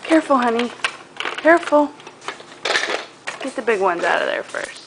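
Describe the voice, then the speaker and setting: A woman's voice: a little high, big pitch swings, normal speed, creaky, noisy background. A woman filming her baby at home, coaxing her in a sing-song baby-talk voice.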